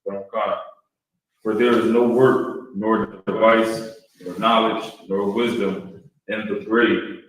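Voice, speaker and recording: A man in the congregation reading scripture aloud in a measured, slightly hesitant way. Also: fairly low pitch, little pitch movement. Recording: very echoey room, distant mic.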